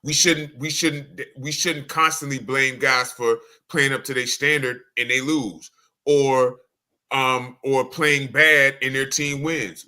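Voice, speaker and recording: A man's voice: mid-range voice, bright, forceful tone. Man making a methodical sports argument. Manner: methodical, reasoned, building an argument. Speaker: podcast co-host. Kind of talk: sports debate monologue.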